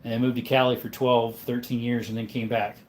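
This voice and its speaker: A man from Arizona talks loosely with his live chat, filling gaps with ums. His throat sounds rough and dry, and he speaks into a phone camera set on a stand. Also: mid-range voice, level tone, fairly quick, a little hiss or hum. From Arizona, USA. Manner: rambling, with many ums and laughs. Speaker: livestream host. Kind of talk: casual livestream chat, answering viewer comments.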